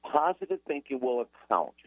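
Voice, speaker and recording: An energetic man speaks emphatically as a guest author in a radio interview. His voice comes through a thin, tinny phone line. The sound is dry, with no room around it. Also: medium pitch, a little fast, no echo. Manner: emphatic, energetic motivational talk.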